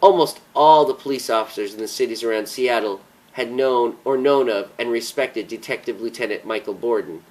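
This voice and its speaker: A man reading a dramatic story aloud at a slow, solemn pace. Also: medium pitch, darkish tone, rough recording. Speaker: audiobook narrator. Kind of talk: dramatic audiobook narration.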